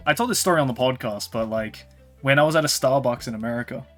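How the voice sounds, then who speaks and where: A man's voice: medium pitch, quick pace, a bit bright, faint music behind. A man with an Australian accent, hosting a casual chat stream and joking as he tells stories. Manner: joking storyteller, swears casually. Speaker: streamer host. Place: Tokyo home studio.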